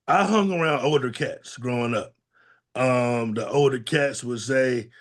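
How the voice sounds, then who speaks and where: A plainspoken man speaks bluntly and candidly, his voice sitting at an ordinary middle pitch. He talks in casual slang, tells his story as a talk show co-host, and breaks into quoted voices as he goes. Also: unhurried. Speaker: podcast co-host and domestic violence advocate. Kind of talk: candid conversational testimony.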